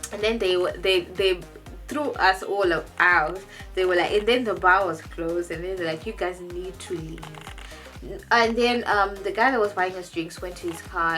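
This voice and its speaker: A young woman casually telling a personal story in a vlog, animated and jumping into high quoted voices, often restarting and repeating words. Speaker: vlogger.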